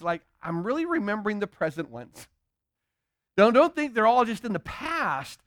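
A male pastor preaching a sermon, animated, asking the listeners rhetorical questions and acting out quoted pleas. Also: high-pitched, smooth, dry recording, studio quality.

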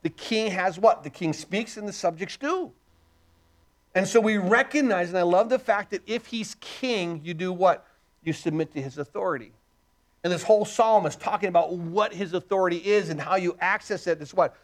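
A man's voice: high-pitched, moderate pace. A middle-aged male pastor preaching a sermon, emphatic, asking rhetorical questions and answering them himself.

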